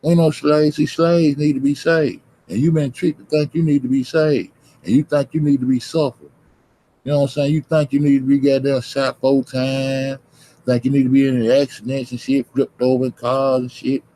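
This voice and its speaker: A man's voice: mid-range voice, little pitch movement, normal speed, dark tone, low-quality recording. Profane ranting man on a livestream. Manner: profane, confrontational, repetitive. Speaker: livestream host. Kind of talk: ranting livestream talk to chat.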